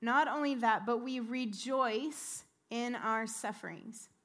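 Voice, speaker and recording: A woman's voice: on the high side, takes it slowly, a bit bright. A woman in her thirties preaching a sermon, telling a personal story and rising to fervent exclamations.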